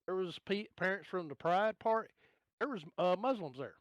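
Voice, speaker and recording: A man's voice: high voice, animated, moderate pace, no echo, muffled recording. A man with a Southern US drawl, a podcast guest in casual chat, ranting bluntly and joking along. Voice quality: drawling, gravelly-toned.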